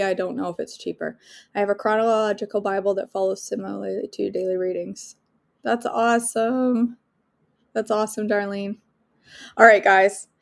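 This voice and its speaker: A woman's voice: medium pitch, creaky. A woman hosting a live devotional stream, chatting with viewers and leading a spoken prayer. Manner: chatty, answers viewers' comments by name, laughs easily.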